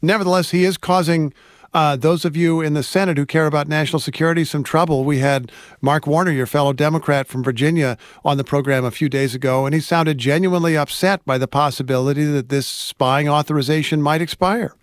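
A man hosting a news interview, asking calm, probing questions. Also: a little high, a little fast, no echo, studio quality. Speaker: radio interviewer.

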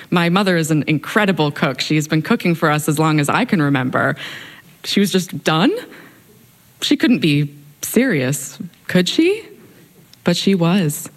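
A young woman with a notably low voice tells a personal story live on stage. Her delivery is wry and expressive, shifting lightly as she goes. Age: young adult. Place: stage before an audience.

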